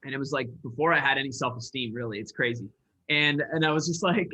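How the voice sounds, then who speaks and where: Appearing as a podcast guest, this Michigan entrepreneur and sales coach shares a personal story earnestly but ramblingly, restarting often. He speaks fast in a medium-pitched, sharp-toned voice, and the lo-fi audio sounds dull.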